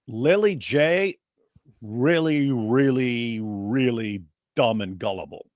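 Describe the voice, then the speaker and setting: Male co-host, blunt and explanatory, mid-pitch, dry close sound. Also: takes it slowly, darkish tone, no echo. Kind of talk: casual live-stream commentary.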